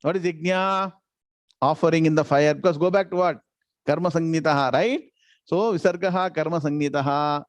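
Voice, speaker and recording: A man teaching a scripture class, chanting Sanskrit verses slowly and often quizzing his students. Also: on the high side, dry recording. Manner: keeps quizzing the class with questions. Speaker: Gita and Vedanta teacher.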